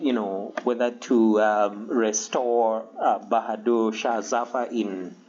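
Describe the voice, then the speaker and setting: A man giving a history lecture to a class, halting with many ums and frequent throat-clearing. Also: medium pitch, a little mellow. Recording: dull lo-fi recording with faint hiss.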